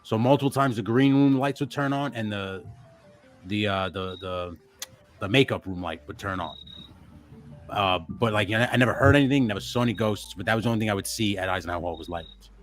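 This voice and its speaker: A man's voice: fairly low pitch, fairly quick, faint music behind. A young man telling a ghost story in a casual, profane, rambling way, restarting his sentences. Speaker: livestream co-host.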